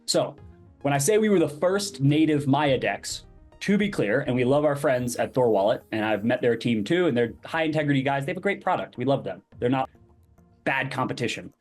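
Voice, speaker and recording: A man's voice: mid-range voice, lively intonation, a little fast, a little mellow. Guy on a podcast telling a story, acts out the quotes, bit of music faint behind him. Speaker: podcast guest, crypto project founder. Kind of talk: casual interview storytelling.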